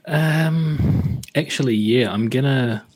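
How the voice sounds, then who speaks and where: A man's voice: medium pitch, takes it slowly, darkish tone, husky. A man playing a tabletop game who jokes and laughs a lot with his friends. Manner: joking, laughs often. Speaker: player. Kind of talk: casual tabletop banter.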